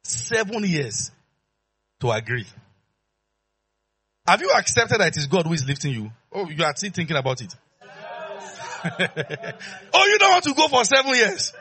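Animated high-voiced husky preacher. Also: male voice. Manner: animated and playful, acts out dialogue, calls out to the congregation. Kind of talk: sermon.

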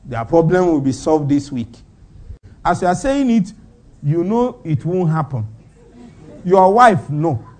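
Man, preacher, sermon, high voice, lively swinging pitch, rhetorical questions. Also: measured pace, long pauses. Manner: animated, rhetorical questions, bursts of laughter.

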